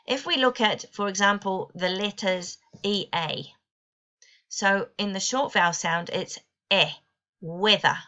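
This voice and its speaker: A woman giving an online presentation to teachers, explaining clearly with a lightly wry touch. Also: mid-range voice, a little slow, bright, forceful tone, highs cut off. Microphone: computer mic on video call.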